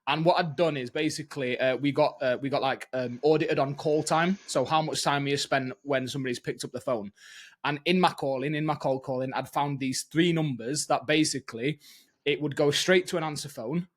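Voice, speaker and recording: A man's voice: on the high side, fairly even intonation, normal speed. A man hosting a podcast, telling candid anecdotes and swearing casually. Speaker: podcast host.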